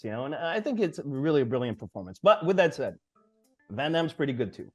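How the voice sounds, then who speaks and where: A man's voice: fairly high pitch, sing-song, brisk, soft background music. A man co-hosting a casual movie talk show, chatting and laughing as he recalls favorite scenes. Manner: laughing, quotes movie lines in raised voices. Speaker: co-host. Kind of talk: casual chat.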